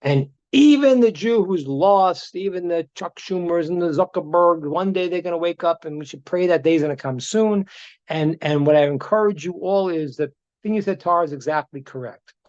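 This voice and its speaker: Rabbi talking animatedly over video call. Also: male voice, a little high, moderate pace. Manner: animated, repetitive, stammering restarts. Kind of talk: live online talk, storytelling. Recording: dull video-call audio.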